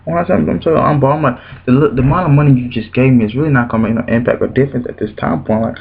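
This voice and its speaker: A young man vlogging, telling a personal church story with emotion, animated and repetitive, his voice leaping high when he quotes people. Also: rapid-fire, creaky, phone-quality sound. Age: young adult.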